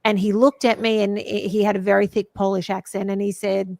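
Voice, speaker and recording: A woman co-hosting a conversational podcast, sharing a personal story in an earnest, heartfelt manner. Her voice sits at a middling pitch for a woman. The sound is dry and close, with no room around it. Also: fairly even intonation, normal speed, creaky, few pauses, a bit bright, no room sound. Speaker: podcast co-host.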